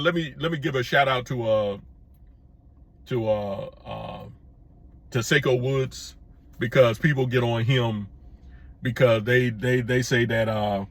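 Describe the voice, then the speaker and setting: A middle-aged man delivering an opinion monologue straight to his viewers in a mid-pitched voice. He talks plainly and emphatically, circles back to repeat his points and climbs higher when he drives one home. The sound is dry and close, with no room around it. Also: fairly bright tone, no room sound. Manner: plain-spoken, addresses viewers as folks. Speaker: commentary vlogger.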